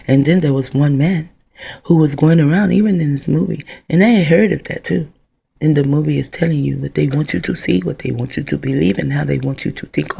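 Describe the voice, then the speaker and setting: A woman's voice: a bass voice, creaky, warm tone, husky. A woman talking into her own camera in a rambling, profane vlog monologue that drifts from one idea to the next. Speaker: vlogger.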